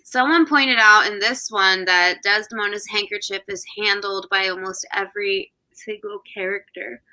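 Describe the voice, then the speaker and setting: A woman's voice: medium pitch, fairly even intonation, normal speed, bright, forceful tone, rough recording. A young woman co-hosting a book club discussion in casual chat, talking loosely with lots of fillers and casual swearing.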